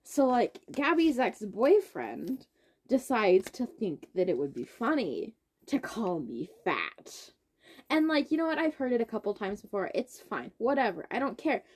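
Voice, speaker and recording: A young woman co-hosting a casual chat podcast, telling a story in an animated way and acting out what others said. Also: a little slow, breathy edge. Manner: animated storytelling, quotes others with big pitch swings. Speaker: podcast co-host.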